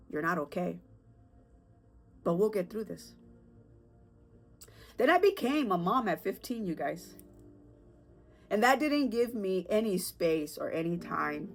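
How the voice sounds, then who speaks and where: A woman in her thirties hosts a confessional podcast, her voice sitting fairly low as she speaks earnestly and with feeling. She stops and restarts often and says "y'all" in a way. Soft music plays faintly beneath her. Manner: emotional, earnest, halting with fillers and restarts. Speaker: podcast host.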